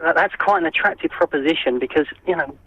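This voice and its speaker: A man calling in by phone, hesitant and deadpan, playing along with the hosts. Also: on the high side, fast talker, husky, no echo. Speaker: caller. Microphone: telephone. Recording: phone line with hiss.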